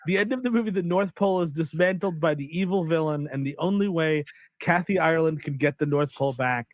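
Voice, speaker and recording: Man, podcast co-host, rambling rants, slightly high voice, dry room. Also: fast, dry recording. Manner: rambling rants, self-mocking asides. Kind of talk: casual movie review chat.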